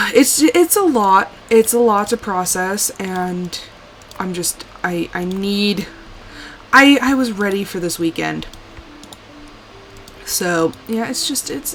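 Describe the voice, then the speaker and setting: A woman's voice: mid-range voice, a little hiss or hum. Tired, rambling woman streamer. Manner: rambling, sighing, trailing off into quiet asides. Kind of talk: casual live-stream chat while playing.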